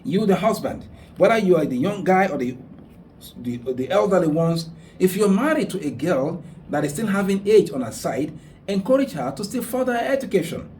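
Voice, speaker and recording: A man's voice: high-pitched, animated, normal speed, a little mellow, recorded from a distance, a little hiss or hum. A man hosting a radio talk show and giving earnest religious advice, repeating his points for emphasis. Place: radio studio.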